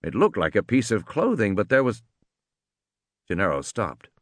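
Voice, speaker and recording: A man's voice: lowish voice, big pitch swings, moderate pace, fairly bright tone, no echo, studio quality. A man narrating an audiobook in a tense, dramatic storytelling manner.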